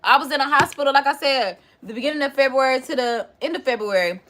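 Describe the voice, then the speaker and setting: A young woman tells a personal story in a casual, expressive way, speaking directly to her audience. Her voice sits a little high. She is relaxed and chatty throughout. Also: quick pace, slight background noise. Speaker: vlogger. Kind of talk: casual storytime to a live chat.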